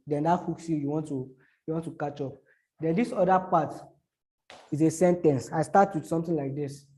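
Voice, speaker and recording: A man teaches online marketing in a halting, repetitive way. His voice sits fairly high but sounds mellow and soft-edged. He keeps breaking off to act out short examples. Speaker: social media marketing teacher. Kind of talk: explaining to a small audience.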